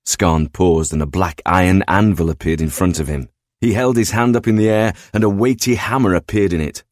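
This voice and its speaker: Deep-voiced man narrating a story. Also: fairly quick, dry recording, clean studio sound. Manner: steady, descriptive reading.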